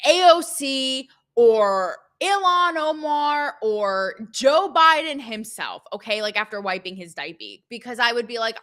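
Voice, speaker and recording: A young woman hosting a casual opinion show, chatty and sarcastic, with many fillers and quick asides. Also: fairly high pitch, fairly bright tone. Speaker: show host.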